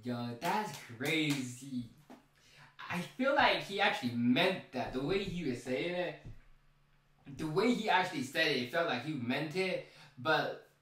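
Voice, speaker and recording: A man casually recapping a TV episode, rambling and excitable, stumbling over repeated words and restarts. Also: fairly high pitch, moderate pace. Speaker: show recap vlogger. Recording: very echoey room, mic far off.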